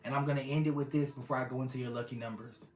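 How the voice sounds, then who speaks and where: Tarot reader, casual reading, earnest, repetitive, affectionate, medium pitch, roomy echo. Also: fairly even intonation, very fast, soft background music. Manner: earnest, repeats phrases, addresses listeners fondly.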